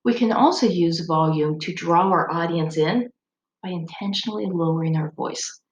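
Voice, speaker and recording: Speaking at a normal speed in a fairly low voice, the woman explains her material conversationally, now and then saying um. She is a speech instructor, and this is a recorded lecture. The audio is dull, with a roomy echo and some faint background noise.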